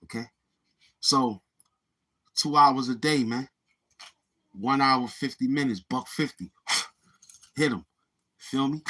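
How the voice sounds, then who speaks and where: A man's voice: medium pitch, takes it slowly, long pauses, sharp tone. A middle-aged man with a Brooklyn accent hosting a livestream in casual chat, answering viewers in streetwise slang and repeating himself. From Brooklyn, New York. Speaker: livestream host reading chat.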